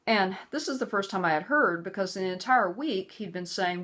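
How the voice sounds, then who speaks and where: A woman's voice: mid-range voice, expressive, brisk, few pauses. A middle-aged woman telling a personal story to camera, earnest and emphatic, giving lecturing advice. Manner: acts out quoted voices, hushed and soothing or raised and angry. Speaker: vlogger.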